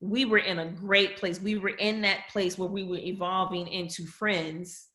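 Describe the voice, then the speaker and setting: A woman's voice: on the low side, fairly even intonation, moderate pace, sharp tone, roomy sound. A woman guest on a podcast, telling a personal family story candidly and with feeling, often quoting people in her own voice. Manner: candid, emotional, quotes others in her own voice.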